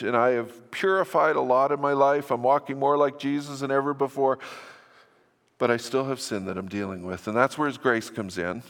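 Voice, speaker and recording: A man's voice: medium pitch, fairly bright tone. Older male pastor in an echoey hall. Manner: conversational and earnest, with self-deprecating asides. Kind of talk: sermon. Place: church sanctuary.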